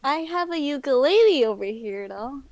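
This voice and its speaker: A woman's voice: sits high, expressive, moderate pace, a little mellow, no echo. A woman joining a live stream as a guest, chatting playfully and teasing with lots of laughter. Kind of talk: casual chat.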